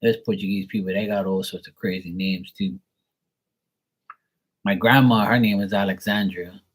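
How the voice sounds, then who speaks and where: Brief: low, husky man, rambling and crude, lots of filler words. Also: fairly even intonation, normal speed. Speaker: tarot reader. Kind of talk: casual storytelling.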